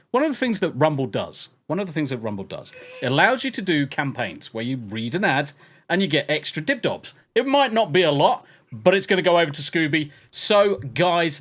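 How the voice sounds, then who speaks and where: A man's voice: a little high, sing-song, moderate pace, fairly bright tone. A man hosting a casual podcast, full of swearing and laughing banter. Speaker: podcast host.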